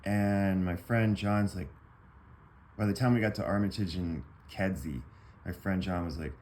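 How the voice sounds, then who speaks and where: Deep-voiced man telling a rambling story. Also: unhurried, a little mellow, slight background noise. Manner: rambling, profane, lots of fillers and restarts. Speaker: vlogger telling a personal story. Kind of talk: casual storytelling.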